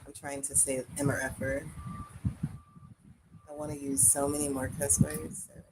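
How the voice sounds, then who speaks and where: A woman's voice: extremely low pitch, little pitch movement, a little slow. A woman chatting candidly and freely on a casual live stream at home while she paints. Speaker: livestreamer. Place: indoors at home. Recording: loud background noise.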